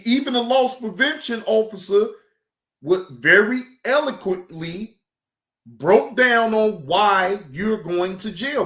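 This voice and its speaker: A woman hosting a reaction video, giving loud, profane, mocking comedic commentary and laughing often. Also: fairly low pitch, echoey room.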